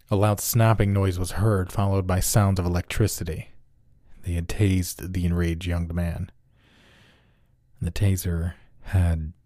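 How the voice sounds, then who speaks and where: A male horror narrator with a very low, dark, mellow voice, telling a first-person tale in a steady, measured way. The sound is close and dry, with no room echo.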